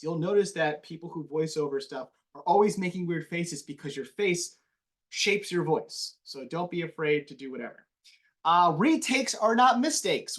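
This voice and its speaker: A TV news anchor gives a casual classroom lecture about voiceover. His voice is on the high side, and he talks quickly and animatedly with a slight mumble.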